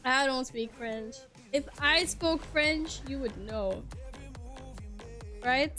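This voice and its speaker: High-voiced woman streamer. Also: takes it slowly, bright, forceful tone, faint music behind. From Sweden. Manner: chatty, swears a lot, laughs often. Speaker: game streamer. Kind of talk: casual stream chat. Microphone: headset.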